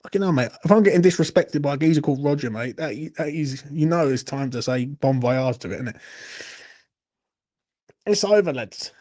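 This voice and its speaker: Tipsy bloke ranting on a late night fan stream, swears loads, slightly high voice. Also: male voice, expressive, a little fast, a little mellow. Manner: sweary, ranting, laughing banter. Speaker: fan channel host. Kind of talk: late-night live Q&A chat.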